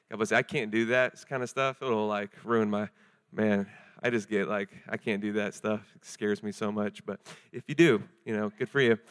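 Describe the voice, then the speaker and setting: Young guy preaching, chatty and jokey, lots of fillers. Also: mid-range voice. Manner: casual, joking and animated, many fillers. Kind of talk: sermon.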